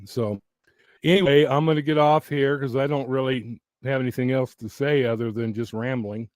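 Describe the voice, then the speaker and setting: A man with a steady, darkish mid-range voice talks at a moderate pace in a clean studio recording with no room sound, very close to the microphone. He's hosting a casual YouTube live chat from home, rambling with many restarts and laughs as his voice thins.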